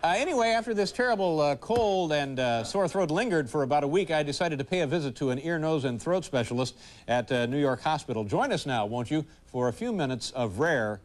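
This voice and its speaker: A man's voice: a little high, animated, a little fast. A man in his forties hosting a late-night comedy show, dry and wisecracking with mock-serious asides. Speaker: talk show host. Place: TV studio with a live audience.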